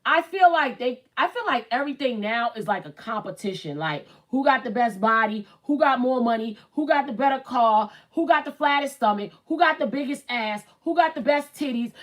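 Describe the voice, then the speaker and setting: A woman's voice: on the high side, expressive, normal speed, hardly any pauses, rough recording. Chatty late-thirties woman host. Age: late 30s. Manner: chatty, blunt, reads viewer comments aloud. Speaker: show host. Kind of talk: casual livestream chat.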